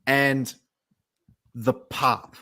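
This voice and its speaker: A man's voice: medium pitch, flat delivery, very slow, pushed and bright. A man casually recapping a wrestling match, telling it as a story, acting out quotes and laughing often. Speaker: podcast co-host.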